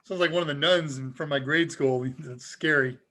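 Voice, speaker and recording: A man hosting a live tech Q&A, talking casually and chuckling as he demonstrates software. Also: a little high, moderate pace. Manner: casual and upbeat, chuckles often. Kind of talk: live demo talk.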